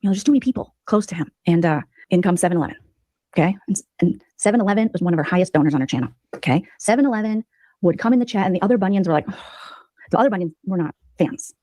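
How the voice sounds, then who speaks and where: A woman giving sarcastic, mocking gossip commentary as a streamer, telling the story in an animated way. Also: fairly low pitch, fast talker, dry recording.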